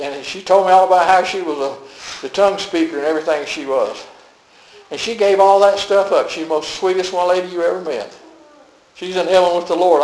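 Folksy older preacher, roomy sound. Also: male voice, fairly high pitch. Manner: folksy storytelling preacher, chuckles often, swings from soft to emphatic. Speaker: pastor. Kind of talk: sermon.

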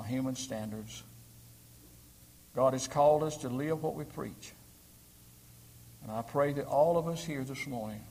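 A man's voice: mid-range voice, husky. A man preaching a sermon, building to emphatic peaks and putting questions to his congregation. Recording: long hall reverb.

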